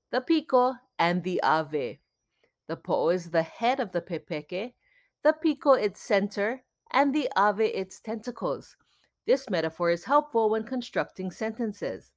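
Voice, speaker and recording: A woman teaching a scripted video language lesson, explaining grammar clearly and pronouncing terms carefully. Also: mid-range voice, lively intonation, normal speed.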